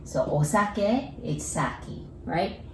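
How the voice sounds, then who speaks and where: A woman with a Japanese accent teaching a friendly language lesson, slowing down to drill pronunciation. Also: lowish voice, animated, reverberant, recorded from a distance, a little hiss or hum, poor audio. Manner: upbeat, slow careful pronunciation drills.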